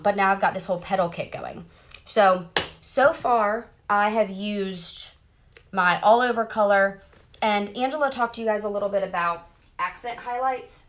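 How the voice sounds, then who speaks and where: A woman's voice: medium pitch, a bit bright, a little hiss or hum. Bubbly woman chatting through makeup. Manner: chatty, bubbly, talks straight to viewers. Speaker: makeup seller doing a live demo. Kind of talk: casual live-stream makeup tutorial. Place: parked car.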